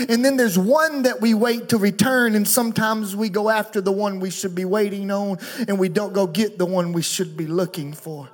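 Guy preaching, high voice, gushing and emotional, talks quick. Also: steady tone. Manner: fast-talking, emotional, effusive. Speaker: guest pastor. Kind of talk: sermon. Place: church stage.

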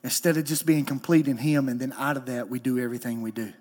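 Preaching quickly, a male lead pastor gives an animated, emotional sermon. He moves from a soft, low register to a high, loud one.

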